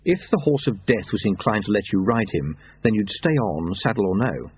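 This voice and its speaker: Husky-voiced man narrating a story. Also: fairly low pitch, big pitch swings, a little fast. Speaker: audiobook narrator. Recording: tinny narrowband audio.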